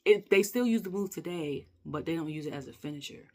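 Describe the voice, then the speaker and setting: A woman's voice: low voice, a little fast. Chatty woman ranting casually. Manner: chatty, rambling, animated, laughs often. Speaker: wrestling reviewer. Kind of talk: casual rant review.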